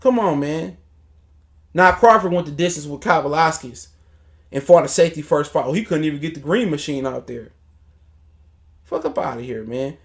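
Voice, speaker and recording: A man's voice: on the high side, animated, normal speed, pauses often. A man hosting a casual boxing livestream, ranting in a heated, profane, mocking way. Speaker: boxing talk show host.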